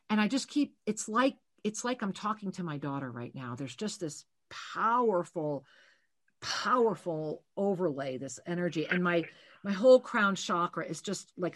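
A woman co-hosting a live spiritual call-in radio show, giving slow, soothing readings to callers. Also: fairly low pitch, no echo. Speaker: co-host, spiritual teacher.

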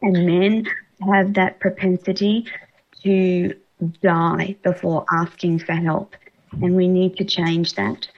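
A woman's voice: lowish voice, level tone, takes it slowly, muffled recording. A woman hosting a radio interview, talking in an encouraging, emphatic way. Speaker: radio host.

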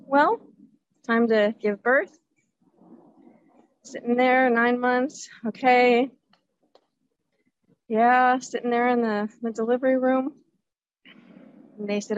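A woman in her forties talks openly and with energy as the host of her own show, recorded outdoors. Her voice sits a little high for a woman. The sound is dry and dull, like a lo-fi recording. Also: dry recording. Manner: candid, animated, jumps into voices of remembered people. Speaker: podcast host. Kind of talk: casual personal monologue. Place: outdoors at a zoo by a lake.

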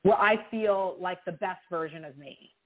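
A woman giving intuitive readings to callers on a call-in show, expressive and reassuring, with feeling in her voice. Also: lowish voice, moderate pace. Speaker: intuitive reader answering callers. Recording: tinny phone-line sound.

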